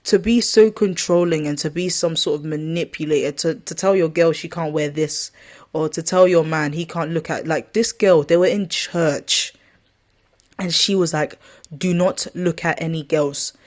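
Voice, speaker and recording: A woman's voice: low voice, moderate pace. A woman ranting casually to camera as a vlogger, rambling and correcting herself often in an exasperated way.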